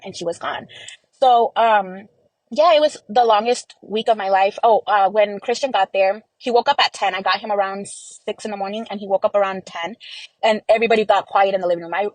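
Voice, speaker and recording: A woman's voice: medium pitch, dry recording, poor audio. Young woman guest, dry close sound, grief-laden storytelling full of quoted dialogue and fillers. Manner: recounts events by acting out quoted dialogue, many fillers. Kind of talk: emotional personal storytelling.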